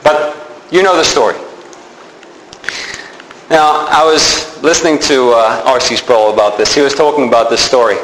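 A man's voice: mid-range voice, normal speed, long pauses, roomy sound, slight background noise, rough recording. A man preaching a sermon, telling stories with energy and acting out the people in them. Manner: animated storytelling, acts out the people in his stories.

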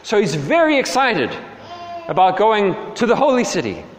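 A man preaching a sermon as a dramatic storyteller, swinging between hushed and emphatic. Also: high-pitched, wildly swooping pitch, moderate pace. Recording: long hall reverb.

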